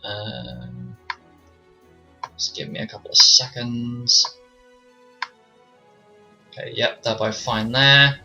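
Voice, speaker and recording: Running a streamed tabletop session as game master, this man takes it slowly with long pauses, his mid-range voice pushed and bright with fairly even intonation. He swears casually while narrating attacks and rolls and mutters to himself between turns, over slightly dull audio with faint music.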